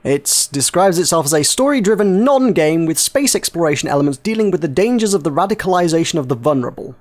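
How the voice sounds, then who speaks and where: A man's voice: on the high side, lively intonation, quick pace, a little mellow. Man, casual gaming podcast host, rambling, laughs a lot, swears. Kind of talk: casual podcast chat about video games.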